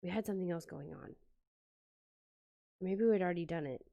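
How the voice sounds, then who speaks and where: Indoors at home, a woman with a lowish, dark voice and vocal fry speaks at a moderate pace while decorating a planner. This planner vlogger chats through a story, acting out quotes and saying "like" often, in a dry recording.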